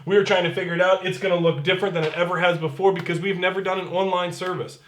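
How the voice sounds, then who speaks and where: A man's voice: high voice, fairly even intonation, very fast, a bit bright, echoey room, a little hiss or hum. A man serving as pastor, giving casual church announcements in an upbeat, chatty way and reading scripture aloud.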